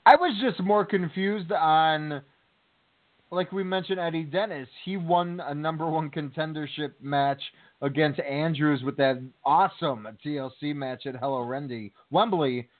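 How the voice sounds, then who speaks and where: Male co-host, slightly high voice, animated storyteller, phone-quality audio. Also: a little slow. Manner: chatty, animated storytelling with fillers. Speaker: podcast co-host. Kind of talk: casual chat. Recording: tinny phone line.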